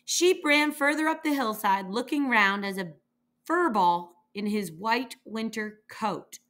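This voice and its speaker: A woman reading a children's picture book aloud, slowly and expressively, giving the animals their own voices. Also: on the high side. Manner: lively character voices, slow and expressive. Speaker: reader.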